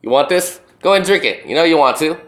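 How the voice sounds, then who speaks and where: A man's voice: on the high side, animated, fast, pitched above the performer's own voice, lightly acted. A man voicing a teasing male tempter who coaxes someone to drink. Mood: coaxing. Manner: teasing, coaxing.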